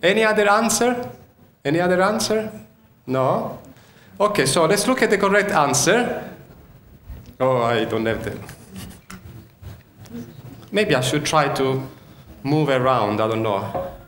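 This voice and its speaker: An Italian-accented man, a native Sicilian speaker, gives a lively lecture and keeps turning questions to the audience. His voice sits a little high for a man and often breaks off into quick restarts. The sound carries a noticeable echo from a lecture hall with faint room ambience. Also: slight background noise. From Sicily, Italy. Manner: quizzes the audience, frequent restarts. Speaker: university lecturer. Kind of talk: interactive keynote lecture.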